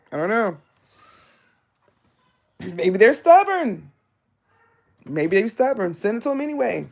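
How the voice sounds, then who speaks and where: Blunt, animated woman reading tarot live. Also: a little high. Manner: blunt, animated, laughing asides. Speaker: tarot reader and therapist.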